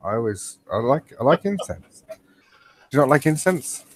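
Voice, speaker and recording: Speaking from home on an online call, a podcast co-host with a medium-pitched, very animated voice chats casually at normal speed. He jokes, laughs often and rambles through his stories.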